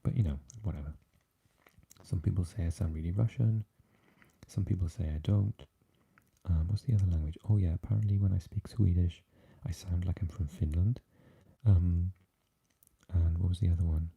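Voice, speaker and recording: A Welsh man hosting a whispered ASMR live chat, talking softly and haltingly with lots of fillers as he answers viewers. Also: sits low, fairly even intonation, gravelly, slightly rough. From Wales. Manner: soft and halting, with many fillers, chatting with viewers. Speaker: ASMR livestream host.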